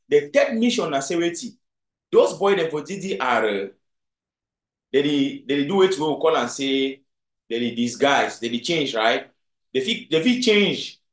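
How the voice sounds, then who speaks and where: A man's voice: a little high, reverberant. A man with a Cameroonian Pidgin accent giving video commentary, emphatic and often putting rhetorical questions to his audience. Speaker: political commentator.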